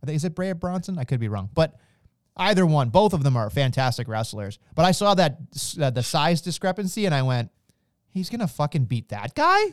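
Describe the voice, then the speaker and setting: A man co-hosting a podcast, talking in a loose, excitable way and swearing often. His voice sits fairly high and sounds smooth and crisp. The recording is dry, with no room sound. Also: brisk, no room sound. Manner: excitable, swears freely, trails off and restarts. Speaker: podcast co-host. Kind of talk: casual wrestling chat.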